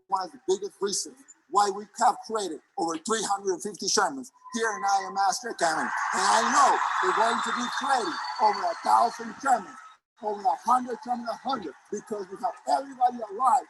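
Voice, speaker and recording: A man giving an energetic motivational stage speech at a sales convention, repeating phrases for emphasis. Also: high-pitched, fairly quick, a little hiss or hum, poor audio. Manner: acts out quotes, sometimes shouting.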